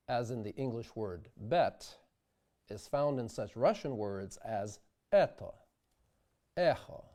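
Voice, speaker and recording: Guy explaining pronunciation real slow and careful, warm low-key tone. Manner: careful, deliberate demonstration of vowel sounds. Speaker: diction instructor. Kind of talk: scripted instructional narration.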